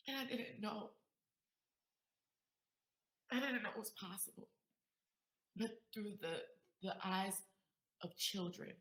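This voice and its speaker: Woman from Queens, emotional storyteller, bright tone, roomy echo. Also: medium pitch, slow, pauses often. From Queens, New York, USA. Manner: emotional, emphatic, swings from loud to hushed. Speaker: guest, community activist. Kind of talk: heartfelt personal storytelling in conversation.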